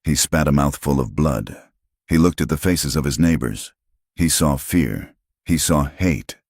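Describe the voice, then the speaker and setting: A man narrating a western audiobook in a measured, even storytelling manner. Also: a bass voice, husky, no room sound, clean studio sound.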